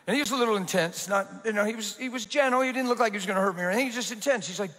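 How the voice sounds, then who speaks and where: High bright-voiced preacher man in a hall. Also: rapid-fire, hardly any pauses. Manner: animated, laughing, acts out quoted voices. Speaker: pastor. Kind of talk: sermon with storytelling. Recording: reverberant hall.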